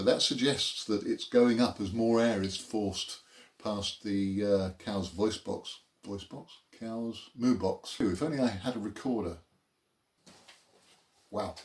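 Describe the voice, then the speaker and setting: A man teaching a beginner cello lesson in an informal, explanatory way with dry, self-mocking humour. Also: fairly low pitch. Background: cello playing between phrases.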